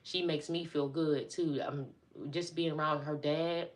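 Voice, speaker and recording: Low-voiced chatty woman live-streaming. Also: fairly even intonation, unhurried. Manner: chatty, addresses viewers as y'all. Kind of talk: casual live-stream chat.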